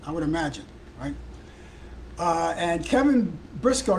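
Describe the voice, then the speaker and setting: Male talk radio host, high voice, loose rambling delivery with faint background noise. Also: a little slow, gravelly, long pauses. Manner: rambling, repeats himself, lively jokey asides. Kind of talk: casual radio chat.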